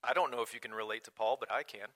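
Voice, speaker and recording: A man preaching a sermon in an earnest way, swinging from loud emphasis to quiet, hushed asides. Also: mid-range voice, very fast. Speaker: pastor.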